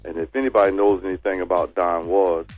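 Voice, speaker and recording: A man from Detroit with a somewhat low voice talks as a guest on a phone-in radio interview. He is relaxed and tells stories with a joking edge. A faint music bed sits under the phone sound. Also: fairly quick. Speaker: band leader guest.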